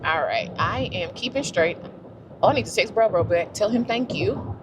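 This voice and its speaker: A woman's voice: medium pitch, animated, moderate pace, dull audio, background noise. Chatty woman vlogging from her car. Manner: chatty, self-talking, laughs easily. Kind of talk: casual vlog chat. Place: in a car, driving.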